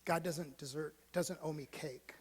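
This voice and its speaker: A male pastor telling a story in a sermon, moving from hushed, almost whispered lines to loud, animated ones. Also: fairly high pitch, a little slow, husky. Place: church sanctuary. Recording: long church hall reverb.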